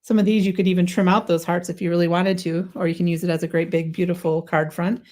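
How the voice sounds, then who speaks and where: A woman's voice: lowish voice, flat delivery, fast talker, darkish tone. A woman hosting a live craft stream, chatting enthusiastically through a product demo, sometimes tripping over her words and correcting herself. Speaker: craft livestream host.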